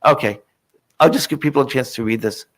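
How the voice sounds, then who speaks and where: A man of middle pitch leads a technical meeting from a conference room microphone. He talks in an easy, polite way, with plenty of fillers and restarts as he works through his material. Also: fairly quick, vocal fry, a bit bright. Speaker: working group presenter.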